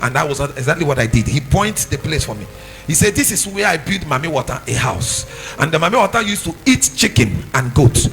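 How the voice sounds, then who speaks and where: A young man preaching, telling a testimony and building from quiet talk to sung, shouted phrases. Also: a little high, sing-song, brisk, over music, low-quality recording. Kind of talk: sermon testimony.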